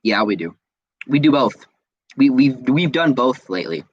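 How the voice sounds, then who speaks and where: A man's voice: mid-range voice, lively intonation, normal speed, breathy edge, lo-fi sound. A man hosting a casual podcast, ranting heatedly with lots of swearing and stammered repeats as he reacts to viewer comments. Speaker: podcast host.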